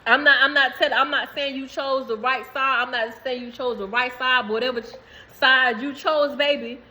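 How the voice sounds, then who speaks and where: A woman's voice: high-pitched, fairly even intonation, normal speed, sharp tone, low-quality recording. A woman in giving a rambling, emphatic spiritual message to viewers, swearing freely. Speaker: spiritual reader.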